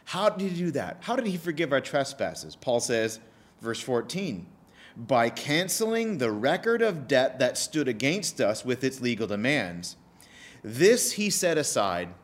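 A man preaching a sermon, emphatic and animated, repeating key phrases with pauses. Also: mid-range voice. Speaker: pastor.

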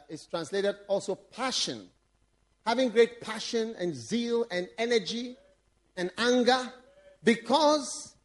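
Brief: man, bishop giving a sermon, very high pitch, swinging lively delivery, laughs and shouts to land points. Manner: animated, laughs and shouts for emphasis. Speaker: bishop preaching.

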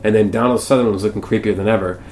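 A man's voice: lowish voice, fairly even intonation, rapid-fire, darkish tone, slight background noise. A man co-hosting a casual movie podcast, sarcastic and profane, who breaks into mocking impressions. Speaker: podcast co-host.

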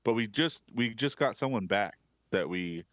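A man's voice: on the low side, lively intonation, moderate pace, a bit bright, slight background noise. A man co-hosting a casual sports podcast, talking hesitantly and often restarting his sentences. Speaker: podcast co-host.

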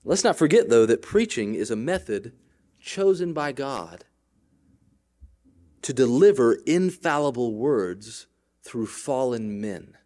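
A male pastor preaching a sermon, with wide swings between loud declarations and quiet asides, often checking in with the congregation. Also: medium pitch, lively intonation, takes it slowly.

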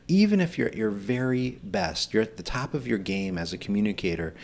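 Middle-aged guy doing his solo podcast, lowish voice, earnest and encouraging, lots of rhetorical questions. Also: slight background noise. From Pennsylvania. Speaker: podcast host, nonprofit executive director.

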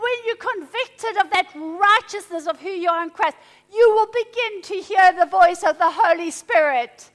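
High-voiced woman preaching. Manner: animated, emphatic, swings between loud and hushed. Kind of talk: sermon.

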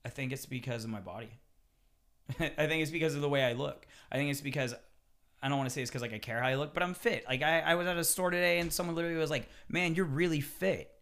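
A chef talks casually on a podcast, swearing freely and acting out kitchen quotes with animated energy. His voice is fairly high-pitched and his pace is quick.

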